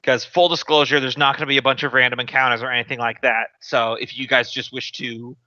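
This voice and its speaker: Male game master, bright tone, relaxed rule talk, dry dull audio. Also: medium pitch, quick pace, no room sound. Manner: easygoing, explaining rules. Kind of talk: running a tabletop game.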